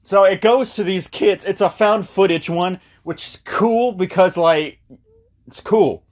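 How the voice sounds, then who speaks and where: A man giving a rambling, animated comic recap of a horror movie, with casual swearing. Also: sits high, unhurried. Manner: rambling, animated storytelling with profanity. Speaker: movie reviewer.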